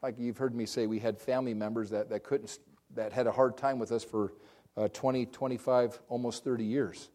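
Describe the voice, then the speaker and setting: A man's voice: medium pitch, steady tone, fairly quick, warm tone. A middle-aged male pastor preaching a sermon, telling stories with passion, often restarting and repeating words. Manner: impassioned storytelling with frequent restarts and repeated words.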